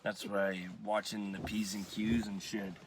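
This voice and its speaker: A man's voice: fairly low pitch, little pitch movement, a little slow. A man, a cab driver, telling a story in casual, rambling talk, repeating "I'm like" as he goes, from inside his car. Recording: car and street noise behind.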